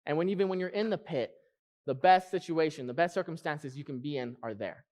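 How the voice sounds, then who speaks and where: Man preaching in church, high voice, earnest, repeats phrases for emphasis. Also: fairly quick, a little mellow. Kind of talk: sermon.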